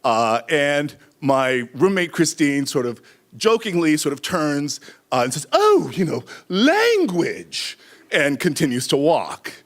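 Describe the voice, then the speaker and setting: A middle-aged man telling a live story on stage, animated, acting out shouted quotes. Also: fairly high pitch, a little slow.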